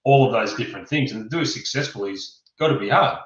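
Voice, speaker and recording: Male podcast host, quick delivery, echoey room, muffled lo-fi audio. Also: medium pitch, fairly bright tone. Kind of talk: casual conversational interview. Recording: roomy, dull-sounding recording.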